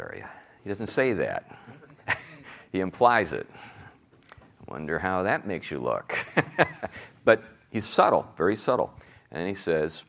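A man teaching a Sunday school class, animated, asking his listeners rhetorical questions and chuckling at his own jokes. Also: extremely low pitch, creaky.

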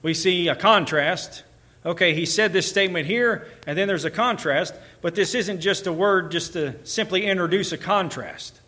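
Male pastor, bright tense tone, slightly high voice, emphatic preaching delivery. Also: moderate pace. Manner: emphatic, building in intensity on repeated phrases. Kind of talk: sermon.

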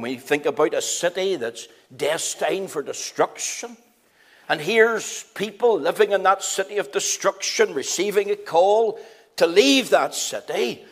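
A man preaches with fervour, doubling his phrases for stress. His voice sits high, climbing into ringing calls and then dropping to hushed asides. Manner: emphatic, repeats phrases for stress; swings between loud rising calls and low quiet asides. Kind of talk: sermon.

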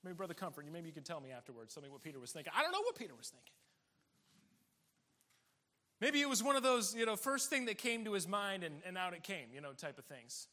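A man's voice: sits high, fast. A man preaching a sermon, laughing often and acting out the people in the story. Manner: animated, laughing often, acting out quoted voices. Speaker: pastor.

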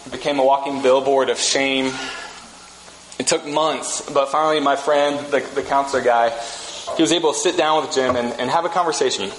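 A man's voice: medium pitch, a little fast, slight background noise. Man preaching in an echoey church. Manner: relaxed, storytelling, frequent restarts. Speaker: pastor. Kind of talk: conversational sermon. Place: church sanctuary. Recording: echoey room with faint ambience.

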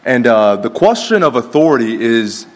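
A man's voice: mid-range voice, big pitch swings, moderate pace. A man preaching a sermon in a conversational way, telling stories and restarting his sentences. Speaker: pastor.

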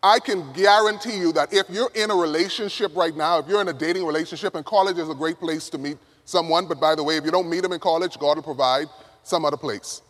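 A man preaching a sermon to college students, emphatic, swinging from loud to hushed. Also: fairly high pitch, fast. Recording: reverberant hall.

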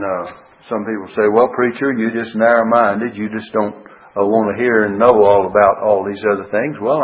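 A male preacher giving a verse-by-verse Bible sermon, earnest, asking rhetorical questions, with frequent uh fillers. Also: mid-range voice. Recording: dull lo-fi radio broadcast.

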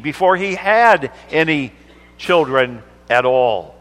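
A pastor preaching a Sunday sermon, reading scripture slowly and stressing words with emphasis. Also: male voice, fairly high pitch, lively intonation, a bit bright. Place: church sanctuary. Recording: long church reverb.

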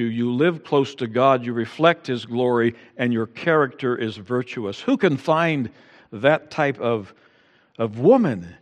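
A man's voice: mid-range voice, big-room sound. A male pastor preaching a sermon, building to emphatic peaks and acting out quotes.

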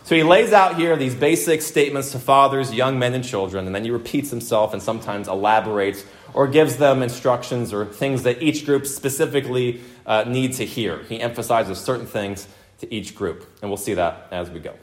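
A man's voice: medium pitch, moderate pace. Emphatic male preacher teaching scripture. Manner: emphatic, repeats points for emphasis, asks the room questions. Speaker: pastor. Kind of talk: expository sermon.

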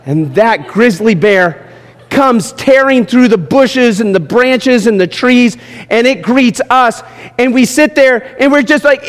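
A man preaching a sermon, moving between quiet asides and loud, emphatic points. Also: slow. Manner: animated preaching, swinging from low asides to shouted points. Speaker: pastor. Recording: long hall reverb.

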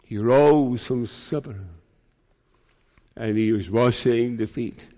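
A man preaching a sermon in a slow, emphatic way, raising his pitch to stress his points. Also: dark tone. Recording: long hall reverb.

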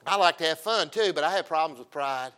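A middle-aged man preaching a folksy, humorous sermon, swinging from loud emphasis to quiet storytelling asides. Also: on the high side, lively intonation, fast, clean tone. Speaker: pastor.

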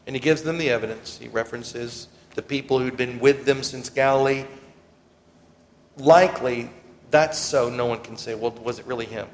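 A man preaching a sermon as pastor, swelling loudly when he quotes scripture and dropping low between points. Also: fairly even intonation, normal speed. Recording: reverberant hall, faint ambient noise.

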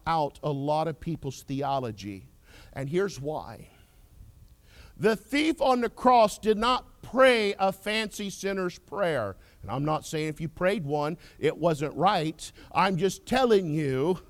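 A male preacher delivers a sermon in a measured, unhurried cadence. His voice is high and swoops widely, rising to loud declarations and falling to near whispers. The sound is dry and close. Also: dry recording. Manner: impassioned, swings from loud declarations to hushed whispers.

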